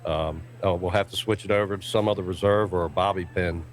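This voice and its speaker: A middle-aged man with a deep voice, co-hosting a radio show, chatty and joking. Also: steady tone, fast talker. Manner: jokey, chatty storyteller. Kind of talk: casual radio chat.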